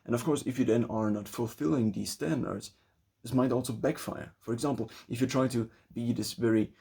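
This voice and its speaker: German guy, slightly husky, mid pitch, kinda rambly vlog talk. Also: a little fast, mellow. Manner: thoughtful, rambling with restarts. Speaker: vlogger. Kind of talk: casual spoken essay.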